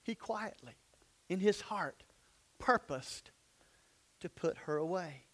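A male pastor with a high speaking voice, preaching in a dramatic storytelling manner. He swings from bold emphasis down to hushed, near-whispered lines. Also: expressive, takes it slowly. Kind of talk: sermon.

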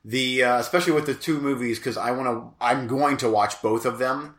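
Podcast co-host, man, crackly bright voice, rambly, self-mocking, echoey room. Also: medium pitch, brisk. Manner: rambling, self-deprecating, lots of fillers. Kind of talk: casual podcast chat.

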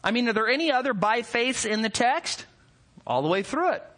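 A man's voice: very high-pitched, animated, brisk, fairly bright tone. A male pastor preaching a sermon that explains a text. He speaks emphatically, stresses key words and puts rhetorical questions to his listeners. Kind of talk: expository sermon.

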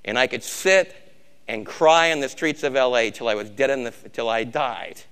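A man preaching a sermon, emphatic, swinging from loud exhortation to a hushed, intimate tone. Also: medium pitch, normal speed, smooth.

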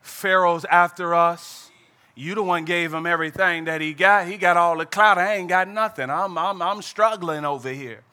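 A man's voice: sits high, moderate pace, sharp tone, clear, resonant tone, voice pushed down. A man voicing a weary male prophet, pleading with God and complaining in slangy everyday speech. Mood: desperate. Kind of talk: sermon role-play.

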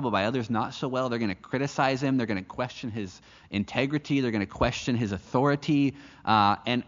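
A man from the United States preaching a sermon, telling a personal story in an earnest way and often restarting his phrases. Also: mid-range voice. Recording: echoey hall, dull lo-fi sound.

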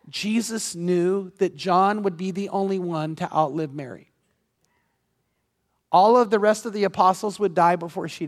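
A pastor delivering a sermon, telling a personal story earnestly and pressing his points with emphatic repetition. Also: high voice. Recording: long reverb of a large hall.

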